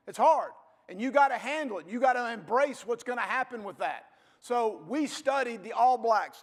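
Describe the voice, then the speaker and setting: A football coach in his fifties, a man with a rather high voice, tells stories to an audience in a blunt, folksy way. His motivational speech rings out in a reverberant hall. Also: a bit bright.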